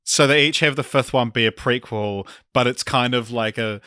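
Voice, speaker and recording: A man's voice: mid-range voice, moderate pace, bright, forceful tone, smooth, dry recording, studio quality. A man co-hosting a casual film podcast, hesitant with many ums and easy laughs. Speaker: podcast co-host.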